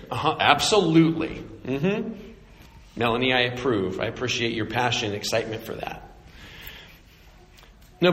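A man preaching a sermon, animated and acting out little voices and jokes. He grew up in Arizona. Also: mid-range voice, big-room sound. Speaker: pastor.

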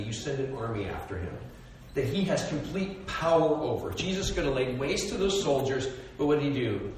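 Male preacher, high voice, animated and dynamic; distant mic, very echoey church hall. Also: fairly quick, slight background noise. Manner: animated storytelling, swings between loud and hushed. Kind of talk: sermon.

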